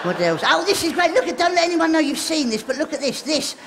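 A man's voice: very high-pitched, very animated, quick pace. A man doing live stand-up prop comedy, giggling often and teasing the audience from a theatre stage. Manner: giggly, breaks into laughter, teases the audience. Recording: live show with loud audience laughter and noise.

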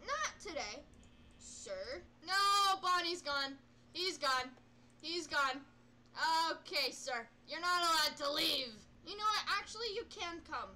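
A woman's voice: high-pitched, lively intonation, slow, pushed and bright, slight background noise. A woman gamer reacting live to a horror game, panicky and self-mocking, yelping and repeating no over and over and talking to the game's characters.

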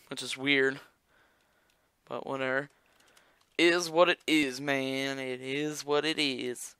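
Young guy rambling over gameplay, jokey, talks to chat, crisp clear voice, dry close mic. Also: fairly high pitch, pushed and bright, no echo. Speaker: gaming YouTuber. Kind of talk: casual gameplay commentary.

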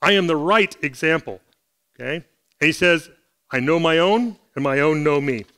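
A man's voice: fairly high pitch, animated, moderate pace, fairly bright tone. A man preaching a Sunday sermon in church, talking earnestly and conversationally as he reads and explains scripture. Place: church service.

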